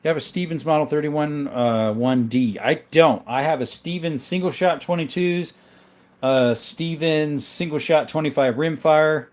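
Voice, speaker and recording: A laid-back man hosts a livestream, reading out viewer names and answering in an easy, rambling way. His voice sits a bit high, and he is a little sick. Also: measured pace. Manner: easygoing, rambling, reads out chat names. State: sick, coughing. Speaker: livestream host showing his gun collection. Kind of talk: casual livestream chat reading comments.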